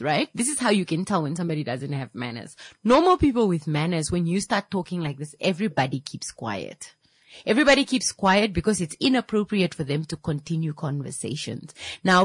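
A woman's voice: fairly low pitch, breathy edge, no room sound, studio quality. A young woman vlogger giving a blunt, exasperated monologue about bad manners, firing off rhetorical questions. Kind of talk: casual opinion monologue.

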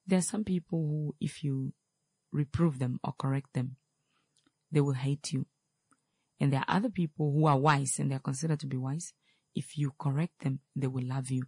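Male talk host, gravelly, earnest and repetitive advice delivery, dry close sound. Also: fairly high pitch, fairly even intonation, moderate pace, a little mellow, no room sound. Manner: earnest and repetitive, stressing key points; quotes scripture, then explains it plainly.

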